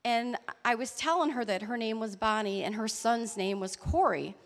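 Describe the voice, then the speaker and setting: A woman telling a personal faith story in an earnest, halting way. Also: fairly high pitch, long reverb tail. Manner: earnest, halting storytelling with restarts and soft laughs. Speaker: church member sharing a testimony. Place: church hall.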